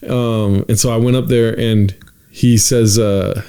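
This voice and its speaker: Casual, animated man telling a story. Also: lowish voice, a little slow, gravelly, clean tone. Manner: animated storyteller, acts out quotes, swears casually. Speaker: podcast co-host.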